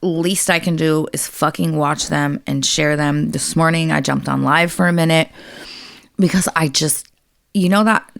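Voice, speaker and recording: A woman's voice: low voice, steady tone, measured pace, creaky, no room sound, clean studio sound. A woman co-hosting a casual podcast chat, talking bluntly and venting with a lot of swearing. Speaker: podcast co-host.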